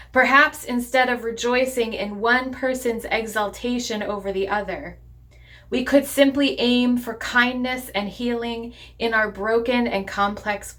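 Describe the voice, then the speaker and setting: A woman pastor delivering a sermon in a measured, deliberate preaching cadence. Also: on the high side, fairly bright tone.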